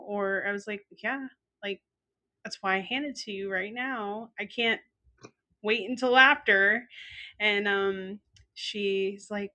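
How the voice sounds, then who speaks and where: A woman's voice: medium pitch, slow pace. Laughing woman podcast co-host. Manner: animated storyteller acting out quotes, laughs often. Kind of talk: casual storytelling chat.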